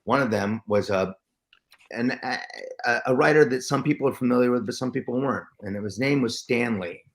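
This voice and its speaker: A man telling stories as an actor guest in an interview, excitable and full of restarts and acted-out quotes. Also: medium pitch, normal speed. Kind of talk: storytelling interview chat.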